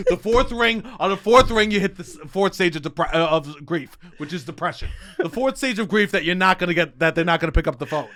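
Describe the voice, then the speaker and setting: A man co-hosting a comedy podcast, animated and playful, acting out bits with sound effects. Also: high-pitched, brisk, few pauses. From Staten Island. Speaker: podcast co-host. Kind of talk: casual comedic chat.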